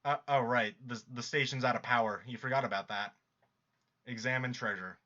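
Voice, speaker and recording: A man's voice: mid-range voice, fairly even intonation, fairly quick, pushed and bright, lo-fi sound. A man chatting casually with friends on a live stream, teasing and sarcastic, sometimes reading story narration aloud.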